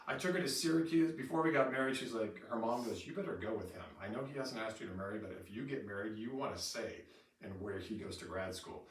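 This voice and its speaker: A middle-aged man leading a staff training session, telling lively stories and acting out quotes. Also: on the low side, fast talker. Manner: animated storyteller who acts out quotes with laughter. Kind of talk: in-service training talk. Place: training room with an audience. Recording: roomy echo from far off, faint noise.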